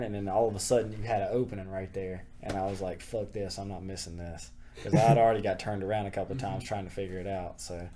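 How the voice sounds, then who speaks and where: A man's voice: on the low side, mellow. A young man in a touring band, telling road stories in a laid-back, laughing, swearing way on a casual podcast. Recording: group chatter behind.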